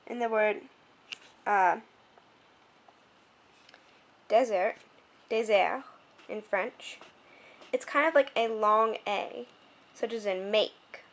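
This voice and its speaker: A young woman records her own tutoring lesson at home and talks straight to the camera. Her pitch sits in the middle range, and she explains each point clearly, pausing now and then to sort out the camera. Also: fairly bright tone. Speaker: French tutor. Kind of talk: homemade video lesson.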